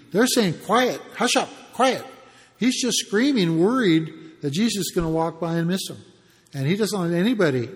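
A man's voice: fairly high pitch, in a large hall. A man preaching a conversational Bible teaching sermon, explaining a passage with frequent restarts.

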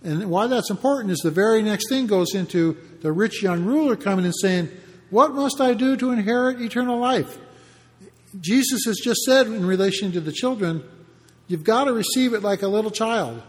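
High-voiced male preacher in a reverberant hall. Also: expressive. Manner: conversational, explanatory, with pauses and restarts. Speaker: pastor. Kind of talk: sermon.

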